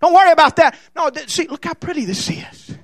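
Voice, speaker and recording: A preacher putting on the sly coaxing voice of hell. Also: male voice, very high-pitched, animated, a little fast, no room sound, studio quality, exaggerated voice. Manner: coaxing, hushed, wheedling. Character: sly male voice of hell tempting sinners.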